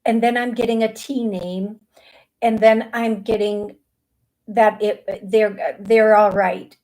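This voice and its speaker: A woman's voice: medium pitch, steady tone, slow pace, darkish tone, rough recording. A middle-aged woman hosting a psychic medium show, chatty and casual, with frequent restarts and easy laughter. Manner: chatty, laughs easily, many restarts and fillers. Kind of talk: live call-in show talk.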